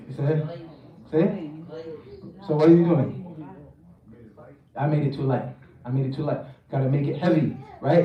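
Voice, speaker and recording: A man with a high voice gives a recitation workshop, stretching words out slowly for the class to repeat and breaking into jokes. His tone is dark and mellow. He is picked up from a distance in a reverberant hall. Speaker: Quran recitation teacher. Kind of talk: workshop teaching with call-and-response recitation. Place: mosque hall. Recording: echoey hall, mic from far off.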